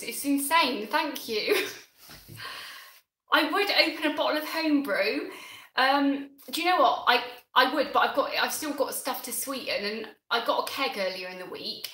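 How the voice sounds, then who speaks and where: Flustered, excitable woman, roomy echo. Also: sits high. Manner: flustered, excitable, halting with many restarts. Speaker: gardening channel host. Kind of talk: live stream chat.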